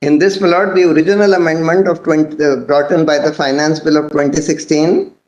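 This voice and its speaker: A man with an Indian accent arguing a case before a court, explaining points in a measured, methodical way and formally addressing the bench. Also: fairly high pitch, steady tone, darkish tone, muffled recording. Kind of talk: courtroom legal argument. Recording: echoey courtroom audio.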